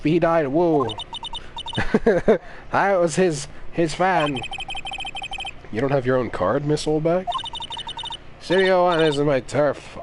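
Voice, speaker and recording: A man's voice: fairly high pitch, background noise, voice pushed up. A man putting on a cranky huffing old woman. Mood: grumbling. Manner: breathless, stammering, grumpy. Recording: loud game music behind the voice.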